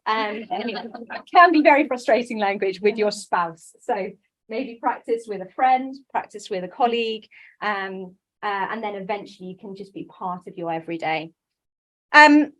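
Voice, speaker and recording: A woman giving a conference talk on coaching, lively and self-deprecating, with quick quoted asides. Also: mid-range voice, rough recording. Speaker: coaching speaker.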